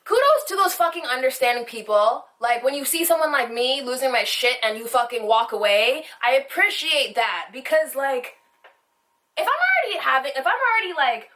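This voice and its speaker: Young woman vlogger, high and bright, swearing her way through a fired-up storytime, sitting a little off from the mic. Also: distant mic. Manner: rambling, heated, swears constantly. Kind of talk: storytime vlog. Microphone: phone camera.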